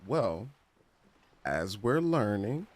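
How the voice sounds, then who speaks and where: Chatty streamer man with a lowish voice. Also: sing-song, drawn-out words. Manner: chatty, slangy, laughs often, reads game text aloud. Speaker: gaming streamer. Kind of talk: casual let's-play commentary.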